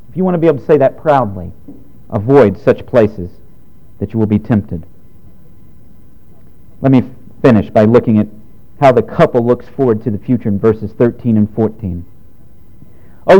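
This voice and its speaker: A pastor in his thirties delivers a sermon in a frank, direct way. His pitch swings widely between high emphatic lines and low quiet ones. The voice itself is mellow and dark. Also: lo-fi sound. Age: 30s. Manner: preaching with rising and falling emphasis, direct and frank.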